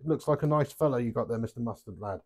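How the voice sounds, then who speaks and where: A young man chatting casually on a live stream, rambling, swearing freely and getting animated. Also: mid-range voice, fast.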